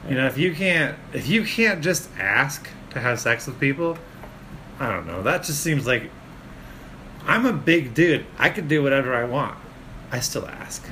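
Bright-voiced crude storyteller man. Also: medium pitch, expressive, moderate pace, slight background noise. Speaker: podcast co-host. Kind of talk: casual podcast chat.

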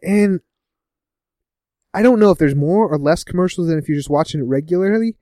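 A man casually recapping a TV episode with a co-host, laughing often and putting on quick voices for the characters. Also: sits high, mellow, no echo, clean studio sound. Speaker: podcast co-host.

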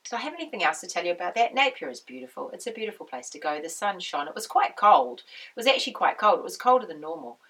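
A woman with a slightly low, croaky voice chats to her viewers. She rambles easily and drifts into tangents. She sits a little way back from the microphone. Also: sing-song, fast talker, fairly bright tone, recorded from a distance, low-quality recording. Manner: chatty, rambling, goes off on tangents. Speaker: knitting podcast host. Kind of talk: casual chat to camera.

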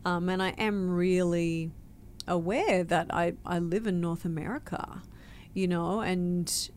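A woman's voice: on the low side, fairly even intonation, slow pace, a little mellow, a little hiss or hum. An Australian woman in a casual interview, telling her story expressively with big swings in emphasis. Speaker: guest actor.

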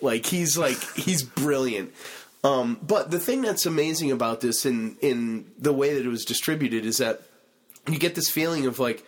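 A male podcast host chats casually and animatedly, sprinkling in profanity and fillers as he retells a show. He often acts out lines in a lower voice. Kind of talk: casual chat.

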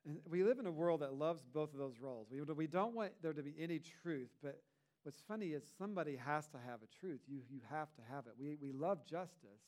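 A man's voice: fairly high pitch, fairly quick, a little mellow. A man, a pastor, preaching a sermon in a conversational way, with rhetorical asides to the congregation.

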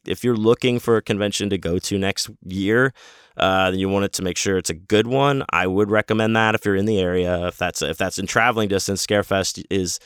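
A man's voice: low voice, clear, resonant tone, dry recording, studio quality. A man casually telling a rambling story about a convention trip, laid-back and swearing freely. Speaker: convention vendor.

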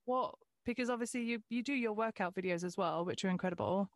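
A woman's voice: medium pitch, fast talker, no room sound. Chatty English woman host, dry close sound. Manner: chatty, swears casually, restarts often. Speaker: podcast host. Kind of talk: casual chat.

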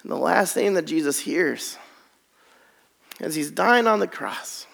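A man's voice: fairly high pitch, lively intonation, unhurried, vocal fry, pauses often, a bit bright. A man preaching a sermon, reading scripture aloud with dramatic drops to near whispers. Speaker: pastor. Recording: long hall reverb.

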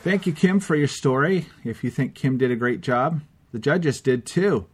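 A man's voice: mid-range voice, expressive, normal speed, a faint crowd, slight background noise. A man hosting a storytelling podcast, steadily reading out event announcements. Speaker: podcast host.

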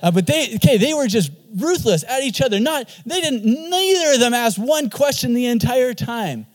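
A man who is a pastor, preaching an animated sermon and often repeating words for emphasis. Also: extremely high pitch, normal speed.

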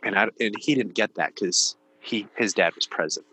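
Low-voiced earnest man, bright tone. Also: normal speed, a little hiss or hum, low-quality recording. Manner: earnest, rambling storyteller, heavy use of "like". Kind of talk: casual podcast conversation.

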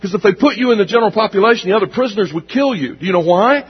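Husky high-voiced preacher in echoing hall. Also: male voice, lively intonation, rapid-fire. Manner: emphatic, conversational preaching with repetitions. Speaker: pastor. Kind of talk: sermon. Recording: dull recording with long hall reverb.

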